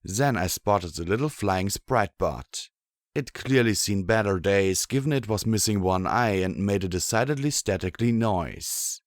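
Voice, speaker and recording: A man narrating a first-person audiobook in an expressive storytelling manner. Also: low-pitched, moderate pace, no echo, studio quality.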